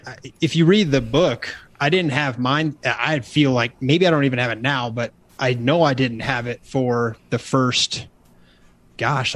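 A man guesting on a podcast interview, talking about his book in a casual, motivational way that turns preachy when he gets going. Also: medium pitch. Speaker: guest author.

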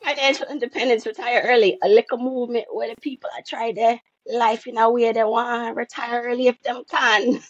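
A woman's voice: on the high side, fairly even intonation, brisk, hardly any pauses, no room sound, muffled recording, pitched above the performer's own voice, natural voice. A woman putting on an exaggerated Jamaican patois voice, reading in a self-mocking, laughing way. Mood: playful. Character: hammed-up woman speaking heavy Jamaican patois.

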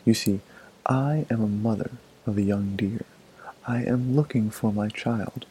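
Gentle begging mother deer, as a man reads her. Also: lowish voice, unhurried, a little hiss or hum, close to an everyday voice, rough recording. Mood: pleading. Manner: begging softly.

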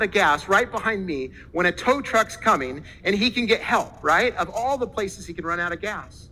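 A man preaching as a pastor, telling a story and acting out the people in it with lively quoted voices. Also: sits high, normal speed, a little hiss or hum, low-quality recording. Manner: animated, acts out quoted voices. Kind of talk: sermon storytelling.

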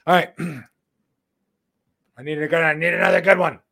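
A man hosting a live show, reading viewer comments aloud with jokes, laughing often and slipping into quick voices for quotes. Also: on the high side, flat delivery, creaky, bright, forceful tone. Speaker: host.

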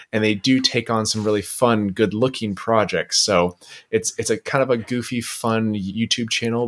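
A man's voice: lowish voice, fairly bright tone. A man appearing as a podcast guest, talking earnestly and with enthusiasm. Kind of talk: casual podcast chat.

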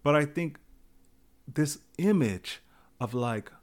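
A man's voice: medium pitch, lively intonation, moderate pace. A man hosting his own podcast, musing aloud in a thoughtful, rambling way with many restarts and asides. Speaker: podcast host. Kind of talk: reflective solo monologue.

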